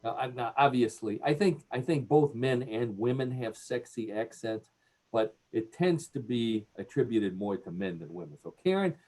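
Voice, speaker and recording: A man's voice: medium pitch, lively intonation, moderate pace, a little mellow. A man with a Cleveland accent hosting a radio show, joking and laughing at his own jokes. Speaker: radio host. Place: radio studio.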